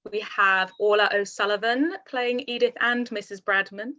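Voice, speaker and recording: A woman's voice: mid-range voice, fairly even intonation, normal speed, pushed and bright. A young woman in her twenties hosting a video call cast introduction, talking in a put-on posh voice and giggling between lines. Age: 20s. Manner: giggly, upbeat. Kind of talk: casual chat. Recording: dull lo-fi video call audio.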